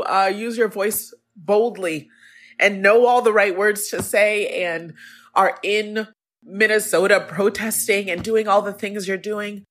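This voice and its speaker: A woman podcast host speaking an earnest, halting personal message, near tears at times. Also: mid-range voice, a bit bright, husky. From Africa.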